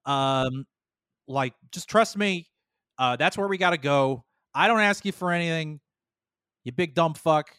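Man doing a bossy woman leader, blunt, swearing, slightly raised pitch, dry. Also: measured pace, fairly bright tone, clean tone, no room sound. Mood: impatient.

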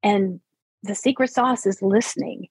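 Husky fifty-something woman therapist chatting about parenting, earnest, slows down to make a point, dry close sound. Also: medium pitch, darkish tone, no echo, poor audio. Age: 50s. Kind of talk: conversational interview.

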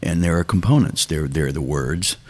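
This older songwriter, appearing as a guest, reflects unhurriedly on things during an interview. He has a bass voice with a darkish tone and speaks fairly quickly.

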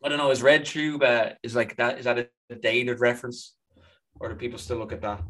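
A man's voice: mid-range voice, steady tone, a little fast, sharp tone. A young man co-hosting a podcast, laid-back and agreeable, with dry humor. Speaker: podcast co-host. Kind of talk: casual chat.

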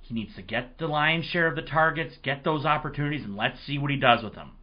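A man hosting a casual sports podcast, his voice hoarse, telling rambling, excitable stories. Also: mid-range voice, fairly quick, highs cut off. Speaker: podcast host.

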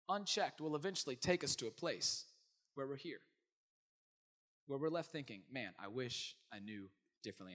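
Male pastor, high voice, sermon, emphatic, loud then hushed.

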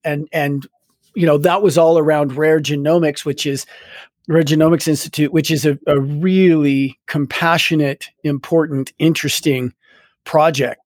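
Rambling higher-voiced male host. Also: fairly even intonation, normal speed, no echo, studio quality. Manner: rambling, searching for words with many fillers. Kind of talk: interview questions.

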